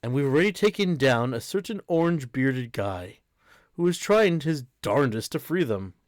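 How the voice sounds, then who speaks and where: A man's voice: mid-range voice, lively intonation, moderate pace, no echo, studio quality, natural voice. A man voicing an arrogant male holy knight who taunts his listeners with a threat over a broadcast. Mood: mocking.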